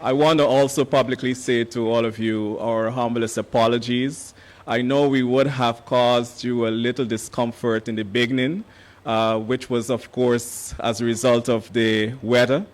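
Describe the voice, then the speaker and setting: Hoarse official at a podium, middle-pitched man, formal and measured, leaning on "uh" fillers. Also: little pitch movement. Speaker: education official giving remarks. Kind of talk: formal ceremony speech.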